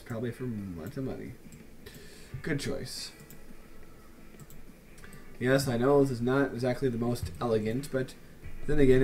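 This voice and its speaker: A man's voice: mid-range voice, a little mellow. A young man giving casual, joking commentary over a city-building game, full of playful, mock-grand asides to the viewers. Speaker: let's play commentator.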